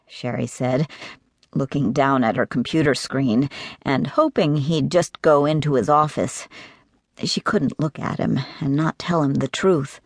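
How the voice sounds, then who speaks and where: A woman reading romance narration for an audiobook in a measured, even way. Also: rumbling low, dry recording, studio quality.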